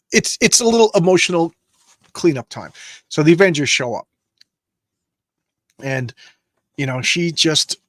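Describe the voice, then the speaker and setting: A man casually reading a comic aloud and commenting on it, halting and rambling with many restarts, lifting his voice a little for speech balloons. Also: mid-range voice, fairly bright tone, no echo. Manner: reads speech balloons aloud in a lightly raised voice. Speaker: comic book show host.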